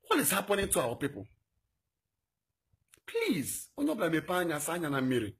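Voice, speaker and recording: A man's voice: sing-song, fast, a bit bright, slightly rough. A young man with a Nigerian accent making an impassioned, exhorting political appeal, his voice leaping up on rhetorical questions. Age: young adult. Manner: fiery and exhorting, voice swinging high on rhetorical questions. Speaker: political activist.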